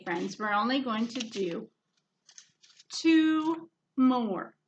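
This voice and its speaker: A woman librarian leading a children's story hour phonics lesson, drawing words out in a sing-song teacher voice and shushing softly. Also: on the high side.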